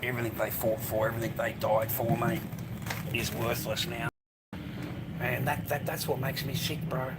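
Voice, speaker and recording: This Australian vlogger speaks in a mid-range, level tone at a moderate pace, holding his phone while walking a street and path outdoors. His ranting monologue rambles and swears, full of "mate" and "bro," with loud traffic and street noise on the recording.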